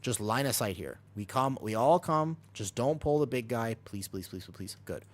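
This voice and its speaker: A man live-streaming a video game, talking quickly and casually over the action as he guides his team and answers chat from his home streaming room. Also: medium pitch, lively intonation. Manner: talks fast over gameplay, jumps between coaching and chatting. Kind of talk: live gameplay commentary and chat.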